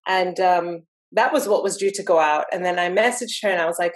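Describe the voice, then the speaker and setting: A woman's voice: lowish voice, brisk, few pauses. A woman speaking as a podcast guest, reflective and thoughtful in casual conversation. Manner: reflective, thoughtful, with frequent fillers.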